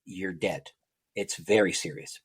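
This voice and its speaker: A man's voice: deep voice, a little slow, slightly rough. A man, a guest on a podcast, telling a personal story and acting out the dialogue. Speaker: guest author and prayer teacher.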